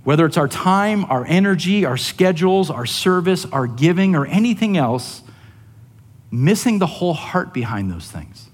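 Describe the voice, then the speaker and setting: A man's voice: on the high side, sing-song, normal speed. Male preacher, chatty sermon delivery with frequent "right?", echoing hall. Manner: conversational, often asks "right?". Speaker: pastor.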